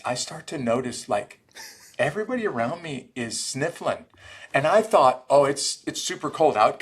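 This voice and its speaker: Speaking in a mid-range, somewhat breathy voice, this middle-aged man, once an Army Ranger, shares stories as a podcast interview guest. He performs the dialogue with lively, animated delivery.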